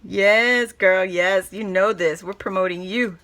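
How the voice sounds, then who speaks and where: A woman vlogger unboxing a craft haul in casual chat, gushing and excitable, laughing often. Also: medium pitch, unhurried, dry recording.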